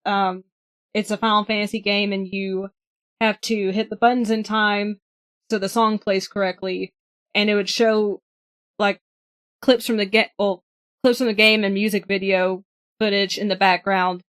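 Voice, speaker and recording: A woman's voice: medium pitch, level tone, normal speed, fairly bright tone, clean tone. A young woman co-hosting a casual podcast chat, cheerful and enthusiastic. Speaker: podcast co-host.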